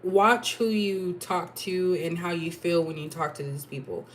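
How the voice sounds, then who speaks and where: A woman's voice: fairly low pitch, a little slow, a little hiss or hum. A woman giving a casual tarot reading, chatting and thinking aloud with asides. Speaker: tarot reader.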